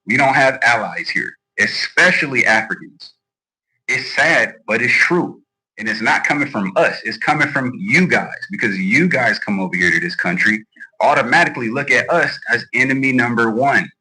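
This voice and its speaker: A man's voice: medium pitch, expressive, moderate pace, bright, forceful tone, breathy edge, low-quality recording. A man giving blunt, defiant video commentary straight to his viewers. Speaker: online commentator.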